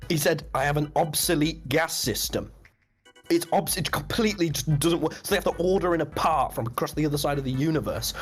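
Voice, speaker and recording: A young man casually telling a rambling story on a stream, laughing often and jumping up in pitch when he recounts his shock. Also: a little fast, slightly rough, faint music behind.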